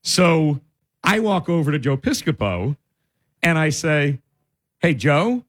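His voice runs a bit high and his pace is measured as he co-hosts a radio program in the studio. He's an animated, laughing storyteller, swapping anecdotes in casual banter.

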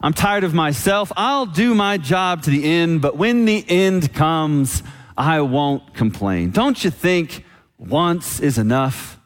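A woman's voice: sits low, takes it slowly. A man quoting a weary, worn-out woman cashier. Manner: flat, tired, resigned. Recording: long church reverb.

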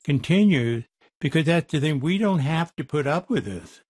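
A man talking things through in a relaxed discussion, pausing often with fillers and restarting his sentences. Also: on the high side, slightly rough, no echo. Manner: halting, with many fillers and restarts. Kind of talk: conversational discussion.

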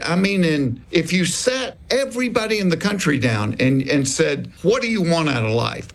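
A man in his sixties with a Southern US accent, a comedian telling animated stories in a casual interview and acting out the voices of the people he quotes. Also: a little high, normal speed, gravelly, hardly any pauses. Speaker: comedian guest.

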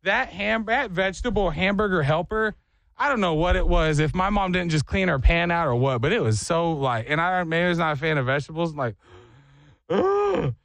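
A man hosting a morning radio show, telling stories in a lively, chatty way. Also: on the high side, fairly quick, dry recording. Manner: lively storytelling.

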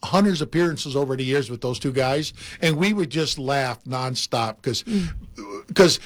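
An older man, a former baseball player, telling animated anecdotes in casual chat and laughing often. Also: mid-range voice, normal speed.

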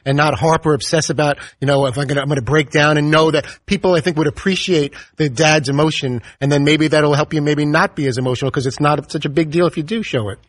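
A man's voice: a little high, steady tone, fast, hardly any pauses, no echo. A man on a sports talk radio panel who talks earnestly and gives advice.

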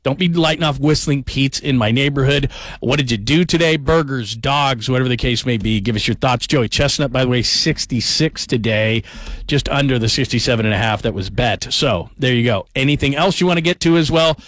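A man hosting a sports talk radio show, upbeat and brisk as he invites callers. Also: medium pitch, a bit bright, no echo. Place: radio studio. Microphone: studio microphone.

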